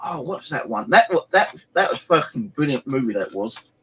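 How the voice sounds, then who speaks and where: A man's voice: mid-range voice, big pitch swings, moderate pace, bright, forceful tone, breathy edge, poor audio. A middle-aged man chatting casually on a live stream, rambling through stories and swearing freely. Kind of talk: casual chat.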